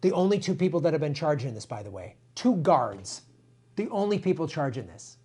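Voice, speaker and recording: A man's voice: fairly high pitch, big pitch swings, a little fast, dark tone, slightly rough. A middle-aged man hosting a political live stream, ranting furiously at viewers with heavy profanity and lots of repetition. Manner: profane and furious, repeats himself, addresses viewers directly.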